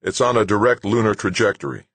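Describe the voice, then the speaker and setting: A man's voice: lowish voice, steady tone, fast, a bit bright, no echo, voice pushed up. A man voicing a computer communications system that gives clipped, report-like updates in an audiobook. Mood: urgent.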